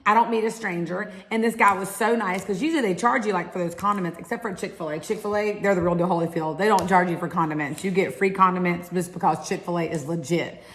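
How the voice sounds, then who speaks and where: A woman's voice: fairly low pitch, quick pace, few pauses, fairly bright tone. A woman in her forties from Alabama with a Southern accent, chatting casually while answering viewer questions and stretching one-syllable words into two. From Alabama, USA. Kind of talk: casual chat.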